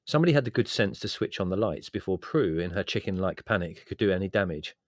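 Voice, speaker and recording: A man's voice: sits low, animated, fast, no echo. A man reading a comic memoir aloud in a wry, dry and understated storytelling manner. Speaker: narrator.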